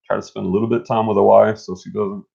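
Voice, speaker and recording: A middle-aged man co-hosting a casual live stream, energetic and motivational, rambling with restarts. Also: fairly low pitch, racing, creaky, slightly rough. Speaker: co-host. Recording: dull lo-fi stream audio.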